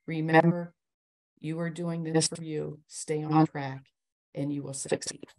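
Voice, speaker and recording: A woman reading self-affirmations aloud as a cast member, in a measured, firm way. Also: deep voice, level tone, dark tone, low-quality recording.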